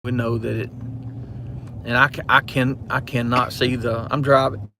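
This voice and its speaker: A man with a drawl talks to his viewers while he drives, telling long, wandering stories. His voice sits in an ordinary middle register. It is recorded on a phone inside a moving car, and the car's noise hums clearly underneath. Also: mid-range voice, flat delivery, moderate pace, bright, forceful tone. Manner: rambling, chatty storyteller, talks to viewers. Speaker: channel host. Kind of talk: casual live-stream chat while driving. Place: inside a car at night on a country road.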